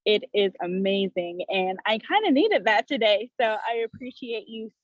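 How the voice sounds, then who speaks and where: Woman guest, warm and a bit flustered, dry muffled call audio. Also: medium pitch, moderate pace, dry recording. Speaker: podcast guest. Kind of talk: casual interview chat.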